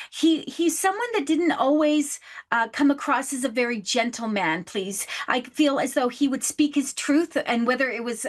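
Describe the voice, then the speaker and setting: A woman with a high, bright-sounding voice does a live psychic reading. She talks to her caller with affection and says please and love again and again. She hosts the show. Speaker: psychic medium host.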